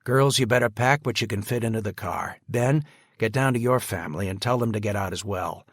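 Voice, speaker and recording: A man's voice: on the low side, a little fast, no echo, studio quality. A man voicing a protective middle-aged father who gives clipped, commanding orders.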